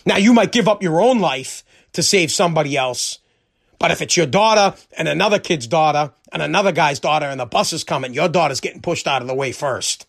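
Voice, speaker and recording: A man's voice: on the high side, a little fast, gravelly, a bit bright. An American man hosting a podcast, delivering a heated, profane, combative rant on his own. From United States. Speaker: podcast host.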